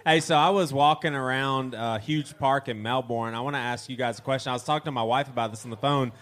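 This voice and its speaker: A man's voice: medium pitch, quick pace, fairly bright tone. Joking Southern US man, mid voice. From southeastern United States. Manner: joking, self-deprecating storyteller. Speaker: podcast co-host. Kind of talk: live podcast banter in front of a crowd. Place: pub stage. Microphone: handheld mic.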